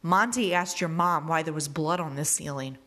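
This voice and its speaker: A woman's voice: low-pitched, normal speed, bright, forceful tone. A woman reading as a stern, pressing teen classmate. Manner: pressing, pointed questions. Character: grieving teenage classmate, relentless and stern. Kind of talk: reading a novel aloud.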